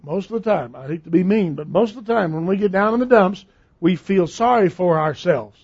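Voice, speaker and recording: A man's voice: high-pitched, animated, a little fast, a little mellow, husky. A man preaching a sermon in a conversational, emphatic way, repeating phrases for stress. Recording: dull lo-fi recording.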